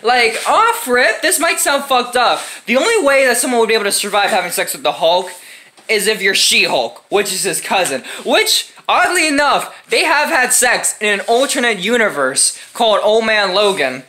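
A woman's voice: fairly high pitch, animated, moderate pace, bright, forceful tone. A woman vlogger in a casual, rambling comedic rant, swearing a lot and laughing often.

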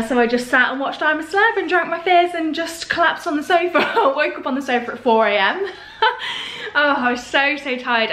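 In a casual vlog, a young woman with a high-pitched, fairly bright tone chats to camera as a lifestyle vlogger. She giggles, wanders off topic, and makes fun of herself.

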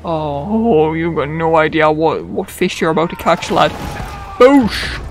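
A young man giving goofy, excitable let's-play commentary, swearing freely and chatting to the characters on screen. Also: on the high side, slow, over music. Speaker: gamer.

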